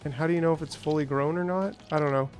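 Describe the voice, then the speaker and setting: A man's voice: on the high side, steady tone, quick pace, clean tone, soft background music. A man giving casual, rambling commentary on his gameplay, chatting with viewers and now and then greeting them in playful, silly voices. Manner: chatty, reads out and answers chat, rambling asides. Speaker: gaming streamer.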